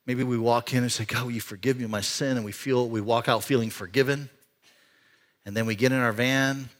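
A man pastor giving a conversational sermon in a church, swinging between excited rises and quiet, hushed stretches. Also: medium pitch. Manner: animated, conversational preaching with sudden rises and hushed drops. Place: church sanctuary.

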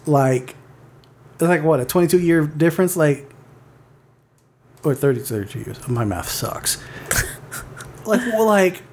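A man's voice: a little high, animated, a little slow, long pauses, a little hiss or hum. A man co-hosting a casual movie podcast, rambling and filling his talk with "like" as he corrects himself. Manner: rambling, heavy use of "like", self-correcting. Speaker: podcast co-host.

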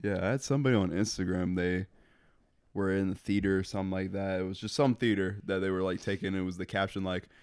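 A man with a deep, gravelly voice who talks quickly. He chats casually and offhand among friends, on a dry close mic. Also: steady tone, darkish tone, no echo. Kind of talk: casual chat.

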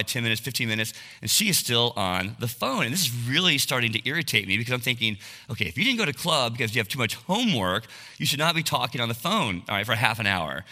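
A man's voice: medium pitch, sharp tone, big-room sound. A man in his forties giving an earnest, confessional sermon-style talk, often checking in with his listeners. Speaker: speaker at a men's talk.

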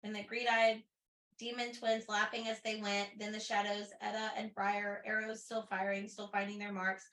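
A woman's voice: medium pitch, little pitch movement, moderate pace, a bit bright, echoey room. A woman co-hosting a book podcast, reading passages aloud and chatting emotionally with laughter. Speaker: podcast co-host. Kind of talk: casual book discussion podcast.

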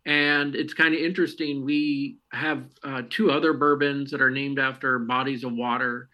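A man's voice: medium pitch, flat delivery, normal speed, dull audio. A man from Texas, a podcast guest, answering questions in a friendly storytelling way with frequent fillers. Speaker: guest, marketing head of a distillery. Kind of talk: casual interview answers.

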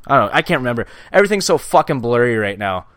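A man's voice: mid-range voice, sing-song, very fast, fairly bright tone, dry recording, clean studio sound. A young man co-hosting a casual sports podcast, heated and swearing freely as he talks. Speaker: podcast co-host.

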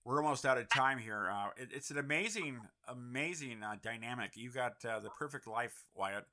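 A man's voice: mid-range voice, moderate pace, bright, forceful tone. A man hosting a casual interview, talking in an enthusiastic, encouraging and rambling way. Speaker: host.

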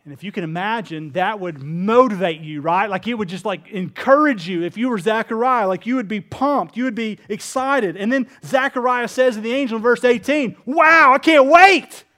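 High-voiced pastor preaching casually. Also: male voice, brisk, few pauses. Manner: casual, animated preaching with many fillers; acts out quoted speakers with shifts in voice. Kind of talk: sermon.

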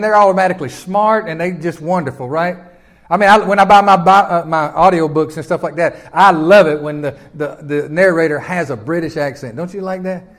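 An older Southern man delivers a sermon with a notably high voice for a man. He preaches in a folksy, homespun way and keeps turning to the congregation with questions. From Memphis, Tennessee. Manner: folksy, conversational, peppered with rhetorical questions to the congregation. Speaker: pastor.

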